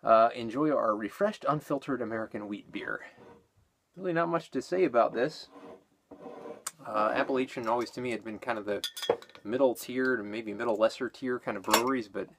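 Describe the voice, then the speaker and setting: A man's voice: medium pitch, normal speed, noisy background. A man casually reviewing a beer, rambling with fillers and self-corrections, a little out of breath after exercise.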